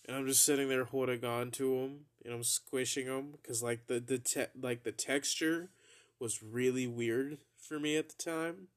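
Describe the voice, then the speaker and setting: A man's voice: medium pitch, fairly even intonation, moderate pace. A young man hosting a podcast, casually telling a rambling, profane story and laughing at his own jokes. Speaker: podcast host.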